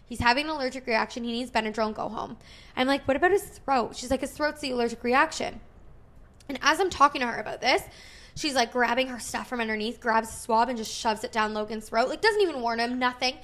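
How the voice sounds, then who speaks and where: A woman's voice: a little high, fast talker. A woman in her thirties, a podcast host, casually telling a story, full of "like" and quoted dialogue. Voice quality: frequent "like" fillers, animated retelling with quoted dialogue.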